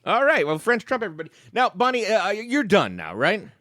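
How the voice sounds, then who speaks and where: Brief: male comic panelist, lively bright-ish high voice, straight-man feeder, dry studio. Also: a little fast, no room sound. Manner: playful straight man, feeding questions. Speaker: regular panelist. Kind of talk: casual comedic banter.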